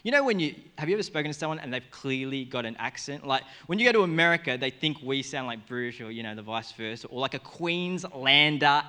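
A young man, a pastor, preaching a sermon in a casual, energetic way, full of asides and quick restarts. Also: medium pitch, long reverb tail.

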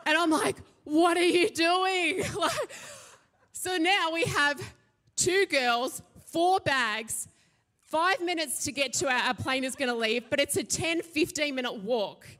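A woman, a pastor giving a sermon and telling a lively personal story. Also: sits high, measured pace. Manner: animated storytelling, acts out her own shouting.

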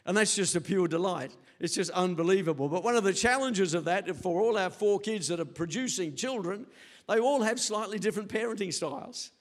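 A man's voice: sits high, brisk. An older man preaching a sermon as pastor, telling stories animatedly and acting out quotes. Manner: animated storytelling with acted quotes.

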